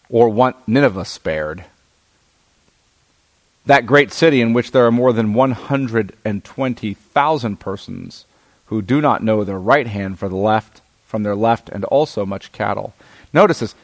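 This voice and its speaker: Man teaching through a Bible passage. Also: medium pitch. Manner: reads scripture aloud, then explains it with frequent "right?" checks. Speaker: preacher.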